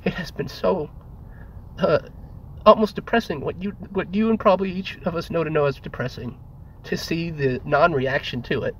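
An earnest man with a somewhat high voice muses aloud on big philosophical ideas, repeating himself and stopping and starting mid-thought. He sounds emotional and close to tears. Faint background noise sits under the recording. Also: rough recording. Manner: earnest, emotional, repetitive, halting. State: tearful. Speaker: speaker leading a group talk. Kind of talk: rambling philosophical monologue.

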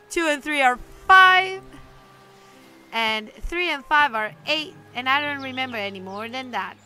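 Game casting note: a woman playing a cheerful little female root creature, squeaky, sing-song and very high. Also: sharp tone. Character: tiny cheerful female root creature who loves singing.

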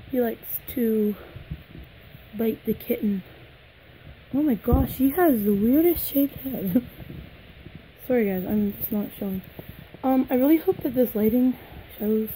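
A young woman vlogging an unboxing in a casual, gushing way, her voice a little hoarse, sometimes dropping to soft whispers. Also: mid-range voice, a little hiss or hum, poor audio.

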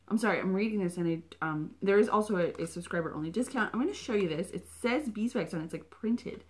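Woman host, casual unboxing vlog, excitable and chatty, average pitch, slips into whispers. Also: fast talker, few pauses, slight background noise. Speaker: subscription box reviewer.

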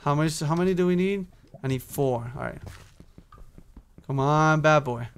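A young YouTuber with a voice on the high side and a clean tone narrates his own Minecraft gameplay at a moderate pace. The talk is casual and chatty, directed at himself, with humming and swearing mixed in.

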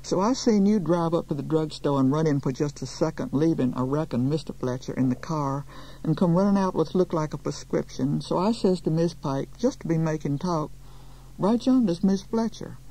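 A woman's voice: deep voice, moderate pace, dark tone, a little hiss or hum, poor audio. A woman doing a chatty Southern beautician. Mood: gossipy. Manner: chatty, folksy, drawling.

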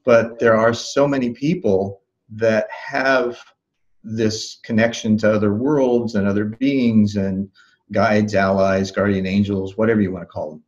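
A man being interviewed as a life coach, recounting a memory in a calm, thoughtful way with soft laughs and restarts. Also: fairly low pitch, unhurried, muffled recording. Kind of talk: reflective interview storytelling.

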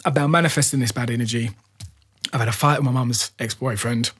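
A man with a London accent tells a story as a podcast guest, his voice a little husky and mid-pitched. He talks in loose street slang, keeps saying "bro", and laughs his way through the story. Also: brisk. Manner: animated, laughing, slang-heavy, says "bro" often. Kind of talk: casual storytelling.

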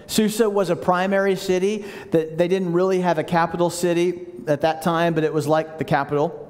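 Male pastor, pitched high, chatty storytelling sermon in a reverberant sanctuary. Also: steady tone, a little fast, darkish tone. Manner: conversational storytelling, acting out scripture quotes. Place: large church sanctuary. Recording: long church hall reverb.

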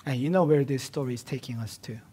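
A man, a pastor, preaching an expository sermon, moving between casual asides and emphatic declarations that fall to hushed tones. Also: mid-range voice, quick pace, breathy edge. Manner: emphatic, swings from loud declarations to hushed near-whispers; conversational asides amid teaching.

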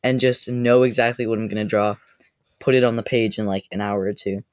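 A man's voice: lowish voice, fairly even intonation, a little fast, darkish tone, clean tone, no echo, studio quality. A young man co-hosting a podcast in casual chat, his voice wearing out. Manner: easygoing, chatty. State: losing his voice. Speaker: podcast co-host.

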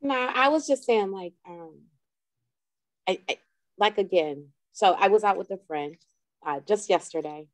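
Woman teacher, somewhat low voice, dry close sound; storyteller who turns to leading the group. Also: dry recording, low-quality recording. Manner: storytelling, leads audience through an exercise. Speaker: teacher, panelist. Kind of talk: round table discussion.

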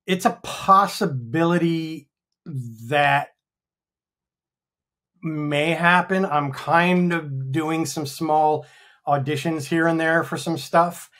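A man's voice: on the high side, fairly even intonation, takes it slowly, fairly bright tone. American guy about fifty, rambling, swears a lot, lots of ums, chatting on a call. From United States. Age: 50s. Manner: rambling, frank, swears freely, many ums. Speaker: actor guest. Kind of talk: casual interview chat.

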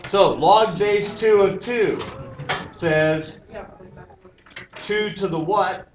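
A male math teacher lecturing in a classroom, working through each step and asking the students questions as he goes. He sits a little high for a man, and the mic is set back from him, so the room rings around his voice with a light hiss underneath. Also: extremely slow, echoey room, recorded from a distance, lo-fi sound.

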